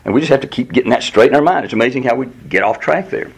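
A man leads a Bible study in a casual, talkative way. His voice is gravelly and a bit husky. He swings widely in pitch and often leaps up high to act out God's answers. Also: very fast. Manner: animated, jumps to a high voice when quoting God. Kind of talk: Bible teaching with class discussion.

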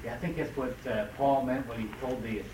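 A man's voice: mid-range voice, fairly even intonation, fairly quick, a little mellow, recorded from a distance, rough recording. A man in a Bible study group making a hesitant comment. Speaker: class member. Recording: faint voice from across the room.

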